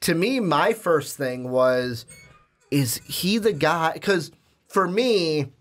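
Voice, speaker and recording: This young man co-hosts a laid-back movie podcast, his voice on the high side, a bit bright, with lively intonation and a slow pace. He rambles and restarts often, padding with fillers, until he lands on pointed questions.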